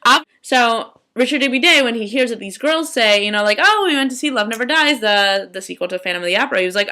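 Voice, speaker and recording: A woman's voice: on the high side, lively intonation, fast, few pauses, bright, forceful tone. A young woman chatting casually in a video journal about a student theater trip, rambling with many ums and restarts.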